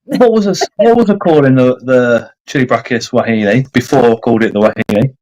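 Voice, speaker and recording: A man hosting a casual livestream chat from his phone, stumbling and repeating words as he slowly sounds out tricky Latin names. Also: medium pitch, a little mellow, highs cut off. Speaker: livestream host. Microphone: phone on a video call.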